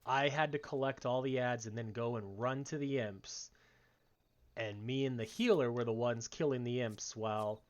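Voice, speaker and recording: A man's voice: mid-range voice, normal speed. A male gaming streamer in casual commentary, rambling along with fillers and restarts. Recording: slightly dull lo-fi stream audio.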